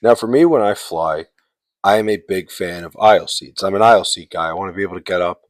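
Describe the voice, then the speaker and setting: Low voiced dude ranting about his trip, swears a lot, rambles, dry close sound. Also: fast, dry recording. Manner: profane, exasperated, rambling with many fillers. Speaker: podcast host. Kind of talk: casual storytelling rant.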